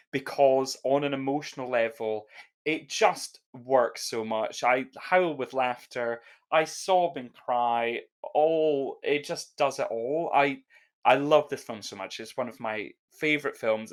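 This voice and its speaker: A man's voice: mid-range voice, fairly bright tone. A man co-hosting a podcast, talking casually and earnestly about films, full of effusive praise and some restarts. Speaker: podcast co-host. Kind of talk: casual film chat.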